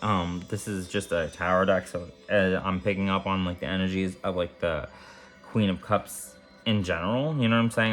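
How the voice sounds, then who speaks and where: A man giving a casual tarot reading to camera, rambling and repetitive with warm, affirming lists of praise. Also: fairly low pitch. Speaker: tarot reader.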